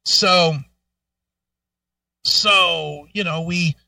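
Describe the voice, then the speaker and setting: A middle-aged man with a high, bright voice tells a profane story to his co-host. He is animated and acts out every quote. The studio sounds dry, and he sits a little back from the mic. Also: extremely slow, gravelly, no room sound, distant mic. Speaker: radio show co-host. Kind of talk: casual storytelling chat.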